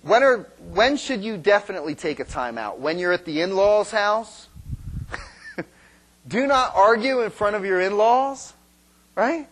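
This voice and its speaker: A man's voice: sits high, expressive, measured pace. A man preaching a sermon on marriage in a conversational way, asking the congregation questions and acting out quarrels. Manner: acts out quarrels in quoted voices.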